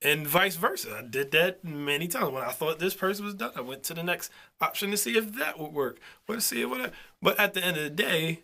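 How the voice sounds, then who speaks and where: A man's voice: fairly high pitch, lively intonation, fairly quick, vocal fry, hardly any pauses, sharp tone. A young man co-hosting a couple's vlog in casual chat, teasing and argumentative, often repeating his words.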